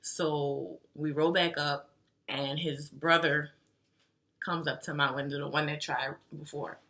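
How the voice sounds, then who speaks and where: A woman's voice: low-pitched, steady tone, unhurried, bright, forceful tone. A young woman telling a story in a casual, slangy, chatty way to her vlog audience. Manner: slangy and chatty, with lots of fillers like "like". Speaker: vlogger.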